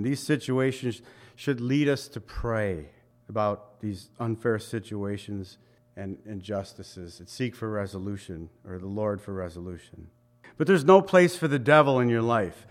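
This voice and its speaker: A pastor preaching a conversational sermon, swinging between loud emphatic bursts and quiet asides. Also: male voice, fairly low pitch, moderate pace.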